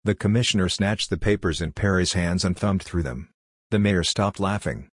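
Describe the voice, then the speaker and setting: Deep husky male story narrator. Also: normal speed, no echo, clean studio sound. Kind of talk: audiobook-style fiction reading.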